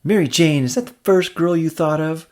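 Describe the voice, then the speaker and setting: A man's voice: fairly high pitch, moderate pace, voice pushed up, close to an everyday voice. A man doing a teasing young college girl. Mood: playful.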